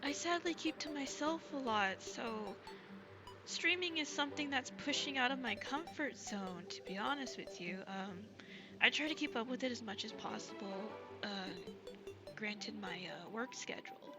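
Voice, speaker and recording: A woman streamer chats with her viewers in a soft, gushing way, tripping over ums and false starts. Her voice sits a little high and carries a trace of a lingering cold. Music plays clearly behind her. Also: animated, normal speed. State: recovering from a cold. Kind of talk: casual live-stream chat.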